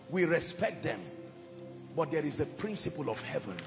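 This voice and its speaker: Male preacher, fiery sermon delivery, gravelly edge, dull roomy church recording. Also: fairly high pitch, sing-song, normal speed. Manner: impassioned preaching with shouted peaks. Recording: echoey hall, dull sound, music behind. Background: music.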